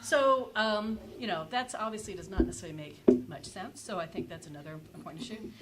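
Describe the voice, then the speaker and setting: Speaking a little fast in a mid-range voice, this energy policy panelist presents at a conference amid a very noisy background. Her delivery is hesitant, packed with fillers and self-corrections as she restarts her way through each point.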